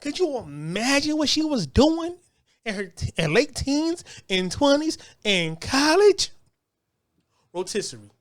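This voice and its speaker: A man's voice: extremely high pitch, big pitch swings, unhurried, no echo, clean studio sound. A man hosting an online show, ranting in a loose, rambling monologue with many stumbling restarts and frequent laughter. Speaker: show host.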